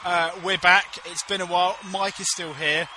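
A man's voice: high-pitched, steady tone, moderate pace, noisy background. A young man co-hosting a podcast in casual, rambling chat, laughing often. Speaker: podcast co-host.

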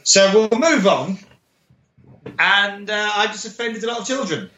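A man co-hosting a podcast, trading blunt jokes and quick asides. His voice is high and bright, and it is recorded in an echoey room. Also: expressive, highs cut off. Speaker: podcast co-host. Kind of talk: casual chat.

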